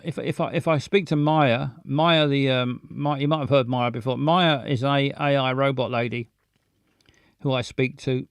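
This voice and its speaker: A man hosting a live show, chatting casually in a halting, playful way with many restarts and silly jokes. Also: mid-range voice, smooth, dry recording, studio quality. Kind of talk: casual rambling live chat.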